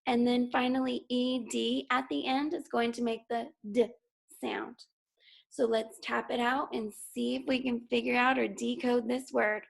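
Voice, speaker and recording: Slow, gravelly-voiced woman teaching phonics. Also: a little high, flat delivery. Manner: slow, clear, encouraging; sounds out words. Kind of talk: phonics lesson for young children. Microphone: recorded for school TV.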